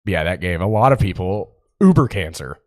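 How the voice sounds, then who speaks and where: Chill dude co-hosting a podcast, lowish voice, rambly and loose, cusses a lot. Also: male voice, animated, moderate pace, no room sound, clean studio sound. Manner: laid-back, swears, slips into playful put-on voices. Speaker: podcast co-host. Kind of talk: casual chat.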